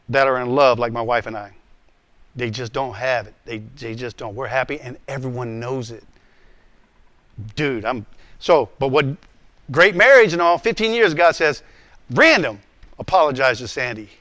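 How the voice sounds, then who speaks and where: A man in his role as pastor teaching a class, earnest and animated, often stammering and repeating words. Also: mid-range voice, normal speed, no room sound. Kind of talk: emotional teaching talk. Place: room with a class.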